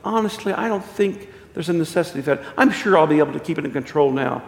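A man's voice: animated, fast talker, creaky. A preacher voicing a panicky, pleading male ghost who cannot let go of a vice, in an echoey hall. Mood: evasive. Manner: pleading, panicky, shrill when scared. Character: frantic cowardly male ghost clinging to a vice. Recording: echoey hall, roomy reverb.

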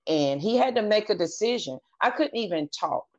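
A woman's voice: medium pitch, expressive, normal speed. A woman guest on a podcast, candidly telling her personal story and acting out what others said in her own voice. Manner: earnest, candid, retells dialogue in her own voice. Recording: dull lo-fi audio.

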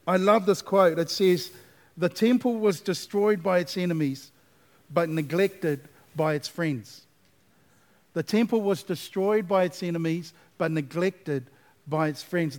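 A man preaching a sermon as pastor, asking the congregation for responses and building to emphatic, repeated refrains. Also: high voice.

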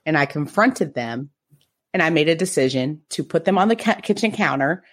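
A woman chatting casually as a podcast co-host, telling stories in an animated, playful way. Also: low-pitched, moderate pace. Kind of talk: casual group chat.

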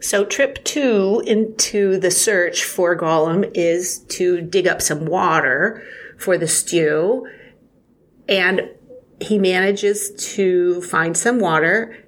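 A woman's voice: fairly low pitch, slow. A woman co-hosting a casual book discussion, enthusiastic and reflective. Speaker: podcast co-host.

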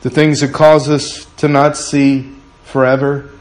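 A man preaching a sermon as pastor and leading a prayer, earnest and pleading, often dropping to a quiet hush. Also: medium pitch, little pitch movement, a little slow. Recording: very echoey room with faint ambience.

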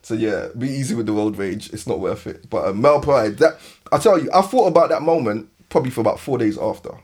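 A man in his thirties with a London accent, hosting a podcast and telling an animated story with frequent laughs. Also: medium pitch, fast, breathy edge. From West London. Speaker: podcast host. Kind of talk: casual storytelling chat.

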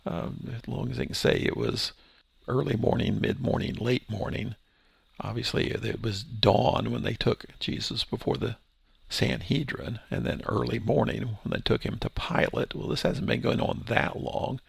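Gravelly-voiced man teaching scripture. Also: mid-range voice, moderate pace, no room sound. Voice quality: gravelly, husky voice. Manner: explanatory, conversational, with fillers and restarts. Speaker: Bible teacher. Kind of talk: verse-by-verse Bible teaching.

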